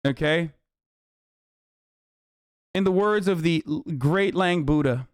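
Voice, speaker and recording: A man's voice: on the high side, takes it slowly, long pauses, smooth, no room sound. A man streaming reaction commentary, ranting in a heated, profane and sarcastic way into a close mic. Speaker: live streamer.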